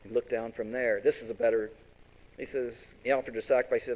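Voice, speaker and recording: A man's voice: medium pitch, fast talker, low-quality recording. A man preaching a sermon, retelling a story with acted-out voices and questions to the congregation. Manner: animated, acts out each character's lines in the story.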